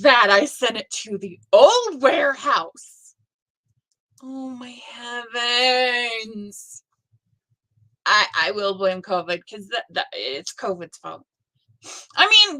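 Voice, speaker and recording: A woman's voice: mid-range voice, fairly bright tone, low-quality recording. A middle-aged woman hosting a live stream about a stitching challenge, chatting casually and rambling with self-deprecating asides.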